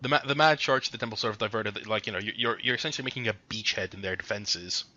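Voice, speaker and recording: A man with a bright, forceful voice serves as game master, narrating the fight in a casual, chatty way. The recording sounds dull and lo-fi. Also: on the low side, fast talker. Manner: casual, chatty, hums while looking up rules.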